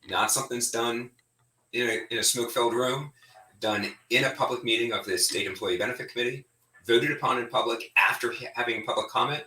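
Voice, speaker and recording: A middle-aged man talks bluntly and with heat, his voice low-pitched but bright and edgy. He sounds set back from the microphone in a room with a noticeable echo. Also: far from the mic. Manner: animated, heated, speaks bluntly. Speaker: state representative giving an update. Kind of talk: informal spoken update.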